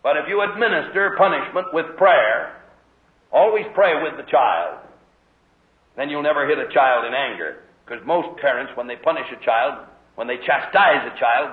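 A man with a mid-range voice preaches a sermon at normal speed, telling stories in an animated way and acting out the voices in quotes. It's a phone-like, lo-fi recording in an echoey hall, with the congregation audibly responding.

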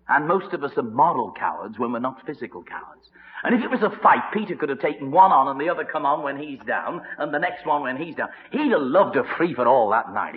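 Male preacher, animated storyteller with a higher-than-usual voice, recorded in a long-reverb, dull old radio broadcast. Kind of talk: sermon.

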